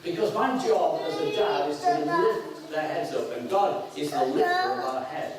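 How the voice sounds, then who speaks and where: A middle-aged Lancashire man preaches with a high, lively voice that leaps around as he talks. He is picked up from some distance in a very echoey church hall. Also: normal speed, a crowd in the background. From north of England. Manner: animated, with sudden whoops and acted-out quotes. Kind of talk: sermon.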